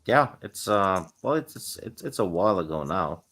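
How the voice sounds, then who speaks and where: A man's voice: low voice, very animated, normal speed, a bit bright, husky. A man from Norway with a Norwegian accent, making dry, understated remarks in a casual book discussion.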